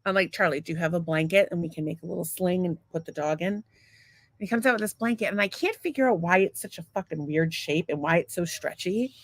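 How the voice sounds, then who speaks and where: A woman's voice: lowish voice, fast talker, dry recording. A woman co-hosting a podcast, telling a long story in a casual, rambling, profane and self-mocking way. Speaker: podcast co-host.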